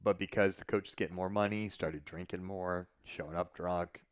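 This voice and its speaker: A man telling a long story in casual conversation, animated and profane, often restarting his sentences. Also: deep voice, moderate pace, clear, resonant tone, dry recording. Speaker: podcast guest.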